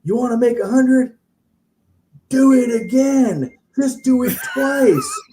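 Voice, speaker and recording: A man's voice: unhurried, slight background noise. A man voicing a hyped male real-estate seminar guru with a Southern accent, pumping up a crowd. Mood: fired up. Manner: fiery, shouting crowd-pumping pitch.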